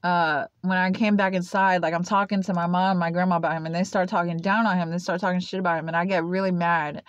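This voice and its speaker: Young woman vlogger, low voice, meandering filler-heavy storytelling, muffled dry recording. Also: steady tone, quick pace, dry recording. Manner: rambling, full of "like" and "uh" fillers. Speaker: vlogger telling her life story. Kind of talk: casual personal storytelling to camera. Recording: dull lo-fi, dry sound.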